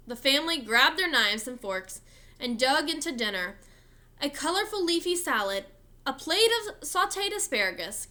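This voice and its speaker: A woman reading a children's novel aloud in an expressive, animated storytelling manner. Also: fairly high pitch. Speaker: reader.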